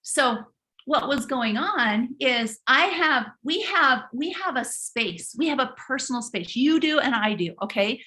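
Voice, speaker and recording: A middle-aged woman hosts a live online workshop, telling stories in an animated way and often addressing viewers directly. Her voice is high and bright. She restarts phrases often as she talks. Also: a little slow. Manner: animated, speaks directly to the audience, frequent restarts. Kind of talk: live webinar storytelling talk.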